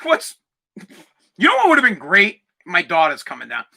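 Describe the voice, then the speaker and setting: A man hosting a podcast, delivering a heated, profane rant that sometimes rises to shouting. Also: high voice, wildly swooping pitch, normal speed, vocal fry, slightly rough. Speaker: podcast host. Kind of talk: ranting podcast monologue.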